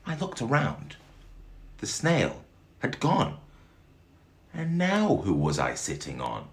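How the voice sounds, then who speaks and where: Man storyteller, very deep voice, gravelly, slow, expressive reading with lots of pitch movement. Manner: dramatic, animated, laughs along with the story.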